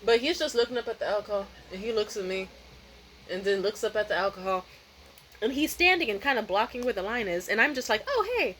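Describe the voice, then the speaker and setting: A woman's voice: medium pitch, quick pace, fairly bright tone, a little hiss or hum, low-quality recording. A woman vlogger telling a rambling, profane, candid story in a casual way, often restarting her sentences.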